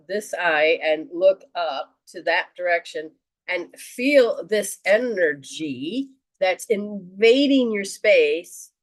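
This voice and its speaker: Woman host giving a spiritual reading; slow, earnest, counseling delivery, slightly low pitch. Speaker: host and metaphysician.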